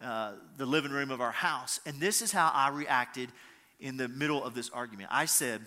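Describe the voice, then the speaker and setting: A man's voice: medium pitch, moderate pace, pushed and bright, long reverb tail. A middle-aged male pastor preaching a sermon in an earnest way, repeating his key lines for emphasis.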